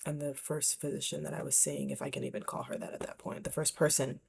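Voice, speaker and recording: A woman with a low, breathy voice talks candidly to camera in a personal vlog. She sounds reflective and often sinks to a near whisper. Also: flat delivery, fast. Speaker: vlogger.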